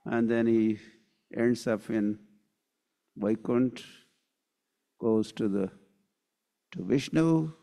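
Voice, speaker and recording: A medium-pitched, mellow man gives a scripture lecture as a spiritual teacher, slowly telling a story and acting out the quotes in unhurried fashion. Long hall reverb fills the recording.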